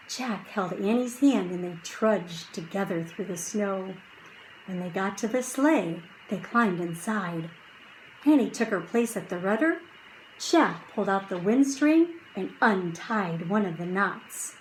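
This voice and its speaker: Slow, hushed woman reading a children's book. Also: mid-range voice, slight background noise, rough recording. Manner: slow, hushed at calm moments, rising for drama. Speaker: audiobook reader. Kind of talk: children's book read aloud.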